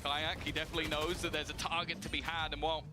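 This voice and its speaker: A man giving analytical color commentary on an esports match in a measured way. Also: on the high side, flat delivery, noisy background.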